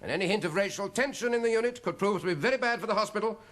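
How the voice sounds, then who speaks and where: A man's voice: high voice, rapid-fire, a bit bright. An actor playing a stern, pompous male senior consultant who lectures his junior. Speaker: senior doctor.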